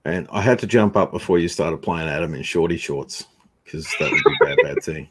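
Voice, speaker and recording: A man's voice: rumbling low, a little fast, husky. A man, a guest in a casual live chat, making dry jokes. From Australia. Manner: dry, joking.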